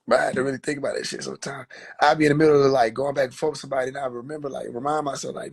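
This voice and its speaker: A man's voice: medium pitch, very fast, vocal fry, slightly rough. A young man telling a rambling, profane story on a phone live stream, acting out the other voices. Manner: animated, acts out quoted voices, slangy, profane. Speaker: livestreamer. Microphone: phone mic.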